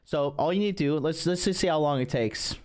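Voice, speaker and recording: A man's voice: a little high, fairly quick, darkish tone. A man hosting his own stream as a dating coach, ranting in a profane, boastful, rambling way. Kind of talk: ranting livestream monologue.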